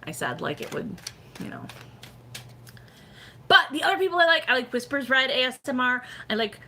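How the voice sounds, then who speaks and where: A woman's voice: high voice, very animated, normal speed, bright, forceful tone, slight background noise. A middle-aged woman chatting casually on a live stream, rambling with lots of "like" and "you know" as she gives fortune readings.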